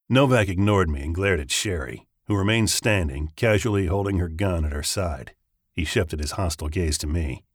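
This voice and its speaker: Deep-voiced male audiobook narrator. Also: a little fast, no room sound, studio quality. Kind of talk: scripted first-person narration.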